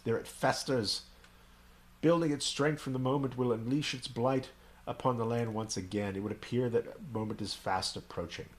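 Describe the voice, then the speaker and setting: A man's voice: medium pitch, steady tone, moderate pace, lightly acted. A man voicing a mysterious old hermit, reading the lines in a lofty, dramatic way. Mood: solemn. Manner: reads the game lines in an elevated, dramatic voice.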